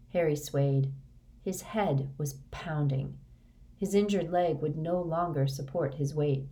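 Deep-voiced female audiobook narrator, measured, even read. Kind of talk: scripted narration.

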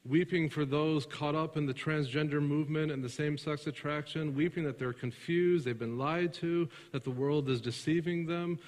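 A man preaching a sermon, alternating between loud emphatic passages and hushed, soft ones, and putting questions to his congregation that he answers himself. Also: a little high, moderate pace, hardly any pauses. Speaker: pastor. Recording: reverberant large room.

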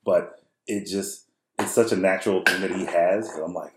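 A man in his thirties, a podcast co-host, telling a rambling, animated story with many restarts in casual chat. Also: low voice, normal speed, reverberant, noisy background.

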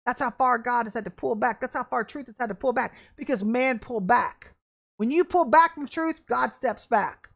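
A woman with a high voice preaching an online sermon. She speaks fervently and bluntly, with a folksy, emphatic delivery and bursts of excitement. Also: normal speed, vocal fry. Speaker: ministry leader and preacher.

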